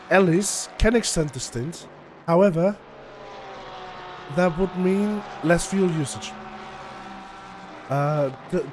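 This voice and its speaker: A man's voice: fairly high pitch, darkish tone. A man giving chatty, analytical live commentary on a sim race, laughing often. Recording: noisy with race car sound behind.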